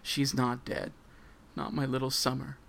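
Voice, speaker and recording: A man's voice: medium pitch, completely flat delivery, measured pace, vocal fry, a bit bright, voice pushed up. A man reading a story aloud voices a drunk, grieving father who pleads and chokes out his denials. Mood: pleading.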